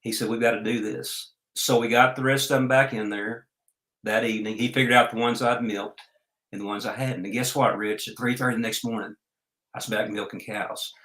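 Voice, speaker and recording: A man, a podcast guest telling folksy farm stories at an unhurried pace. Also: lowish voice, fairly even intonation, fairly bright tone, roomy sound, low-quality recording. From Oklahoma. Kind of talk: storytelling in a podcast interview.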